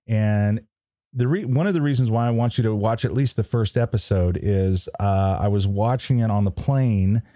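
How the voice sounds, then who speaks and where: On a podcast, a co-host with a lowish, mellow voice makes casual conversation, hesitating, rambling, and restarting often amid lots of fillers. The sound is clean studio audio with no room sound.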